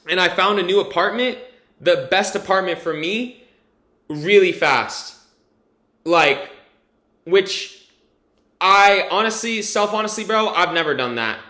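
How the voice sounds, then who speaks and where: A man's voice: high voice, expressive, a little slow, pauses often, pushed and bright, echoey room. A man rambling candidly through a personal vlog testimonial, full of fillers and casual swearing. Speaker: vlogger giving a testimonial.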